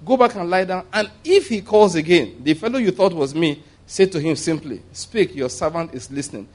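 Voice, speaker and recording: A male preacher delivers a sermon in a slightly raised voice. He is animated and humorous, stumbling over restarts and acting out the voices of the people in his stories. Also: high voice, moderate pace. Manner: animated, humorous, acts out quoted voices, frequent laughs and restarts.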